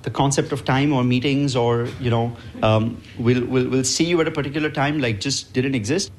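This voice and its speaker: A man's voice: mid-range voice, steady tone. A man with a mid-range voice answers questions about his family business. He speaks casually, with restarts and fillers. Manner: casual, halting. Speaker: business owner. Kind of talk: interview answers.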